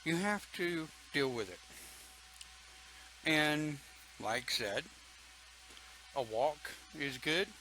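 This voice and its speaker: A man's voice: on the high side, expressive, very slow, pauses often, pushed and bright, a little hiss or hum, poor audio. An older man leading an online pagan church talk, folksy and chatty, reading viewer comments and laughing often.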